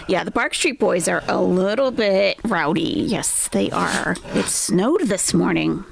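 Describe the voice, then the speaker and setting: A woman's voice: mid-range voice, a little slow, vocal fry, hardly any pauses, slight background noise. A woman talking casually on a live stream, offhand and answering the chat.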